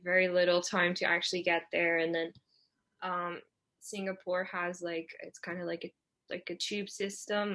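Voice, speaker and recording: A young woman, a guest on a podcast, telling a travel story in a chatty way and filling her talk with "like". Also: fairly low pitch. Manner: chatty, fills speech with "like"; animated when retelling dialogue. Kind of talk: casual storytelling.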